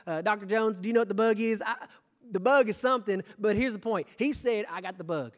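A young pastor from Kentucky with a Kentucky accent, preaching a sermon in a folksy, animated way, talking straight to his congregation. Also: high-pitched, fairly quick.

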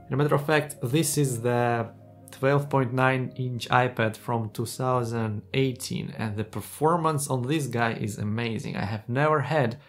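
A man in a casual tech vlog speaks to camera with earnest enthusiasm, his phrasing slightly non-native. His voice sits at an ordinary middle pitch. Faint guitar music plays quietly behind him. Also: fairly even intonation, measured pace. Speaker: tech YouTuber.

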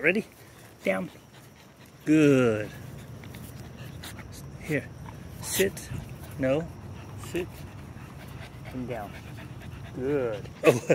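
A man's voice: medium pitch, lively intonation, takes it slowly, pauses often, fairly bright tone, slight background noise. A man vlogging casually while he trains his dogs, telling stories between short, firm commands. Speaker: dog trainer. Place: outdoors with dogs.

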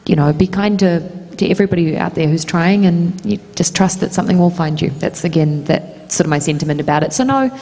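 A woman's voice: on the low side, fairly quick, hardly any pauses, dark tone. A woman with a New Zealand accent speaking casually as a guest on a convention panel, chatty and laughing often. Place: large convention hall. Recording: reverberant convention hall PA.

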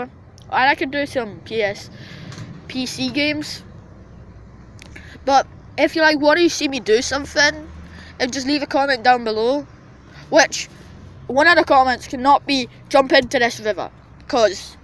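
An excitable male vlogger talking outdoors by a river, swearing freely. His voice is high and bright, and he speaks slowly and drawn out. Faint music sits behind him. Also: slight background noise, poor audio. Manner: excitable, swearing, shouting at ducks. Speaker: YouTube vlogger. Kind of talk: casual outdoor vlog.

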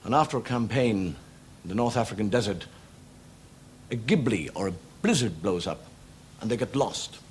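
Irish male comic, wry stand-up storyteller, animated delivery, noisy 1970s TV recording. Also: on the low side. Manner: wry joke-telling with quick character voices. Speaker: comedian.

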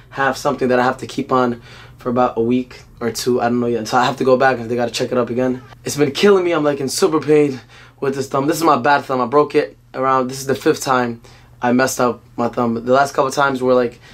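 A man in his twenties talking casually to his vlog viewers from home, energetic and playful with lots of fillers. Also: mid-range voice. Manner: energetic, playful, talks in bursts with many fillers. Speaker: vlogger. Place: family home indoors.

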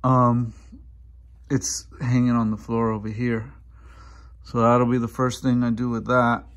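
This is a man's mid-range voice with little pitch movement, speaking at a measured pace, and the highs are cut off. He's a mechanic showing an engine swap in a garage workshop, giving a casual walkthrough full of ums and uhs.

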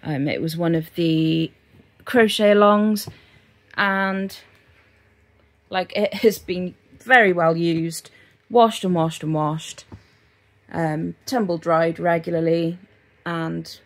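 A woman vlogging about crochet in a casual, rambling way, often talking sing-song to her dogs. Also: fairly low pitch. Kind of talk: casual chat to camera.

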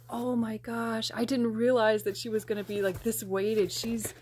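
A young woman from the United States hosting an unboxing vlog, gushing and excitable, with frequent restarts and gasps. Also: on the high side, measured pace, hardly any pauses, slightly rough. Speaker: plush collector and vlogger.

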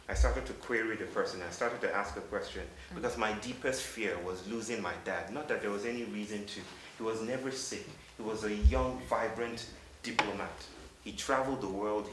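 A man in his thirties from Africa, giving an earnest, halting storytelling talk to a live audience. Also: fairly low pitch, a bit bright. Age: 30s. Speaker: public speaker. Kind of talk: storytelling lecture. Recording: roomy hall from a distant mic with faint hiss.

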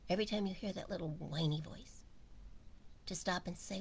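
A woman giving an informal spiritual talk, speaking slowly and musing aloud, often sinking to a near whisper. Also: lowish voice, a little hiss or hum. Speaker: spiritual teacher.

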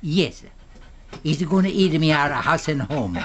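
A man hosting a casual home video, folksy and playful, who drifts into gentle preaching. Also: on the high side, animated, fairly quick, slight background noise, rough recording. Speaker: video host.

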